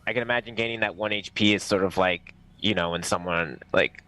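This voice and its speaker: A man's voice: low voice, steady tone, a little fast, bright, forceful tone. A man playing in a tabletop game, talking through his character's actions in a thoughtful, rambling way. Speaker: player. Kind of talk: tabletop role-play chat.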